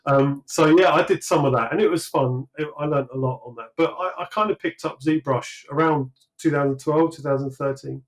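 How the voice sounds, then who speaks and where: A man's voice: fairly high pitch, rough recording. Rambling British man in casual chat. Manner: rambling, halting, many restarts and fillers. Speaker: sculptor guest. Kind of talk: casual conversational interview.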